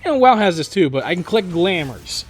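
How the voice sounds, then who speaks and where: Rambling man with a slightly high voice. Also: slight background noise. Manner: rambling, animated, many restarts and fillers; mimics other players in quick high voices. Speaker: gaming YouTuber. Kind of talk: casual spoken monologue.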